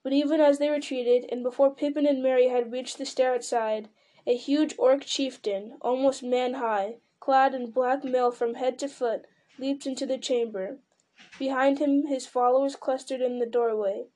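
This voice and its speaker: A woman's voice: high-pitched, steady tone, normal speed, dark tone. A woman reading a fantasy novel aloud in dramatic storytelling style, with occasional slips and restarts. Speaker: reader.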